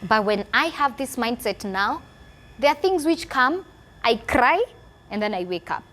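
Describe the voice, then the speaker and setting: A woman's voice: on the high side, expressive, measured pace, a bit bright. Earnest woman in her twenties. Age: 20s. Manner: emotional, earnest, repeats phrases for emphasis. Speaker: guest. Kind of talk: personal testimony interview.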